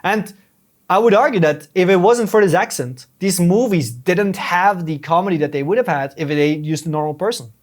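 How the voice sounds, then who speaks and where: A young man with a non-native English accent talks earnestly on a podcast, his voice sitting a little higher than most. He explains things step by step, often restarting his sentences. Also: expressive, normal speed. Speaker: podcast guest, YouTube strategist. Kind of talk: casual advice talk.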